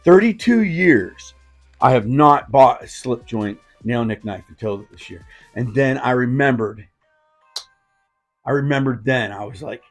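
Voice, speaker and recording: A man's voice: medium pitch, normal speed, vocal fry, faint music behind. A man in his fifties hosting a casual vlog, rambling and joking as he hands out giveaway knives. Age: 50s. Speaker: knife channel host.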